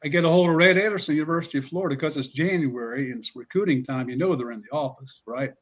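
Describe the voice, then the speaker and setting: A middle-aged man, a former football coach, telling stories in an animated way with many fillers. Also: on the high side, quick pace, breathy edge, highs cut off. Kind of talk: casual storytelling interview.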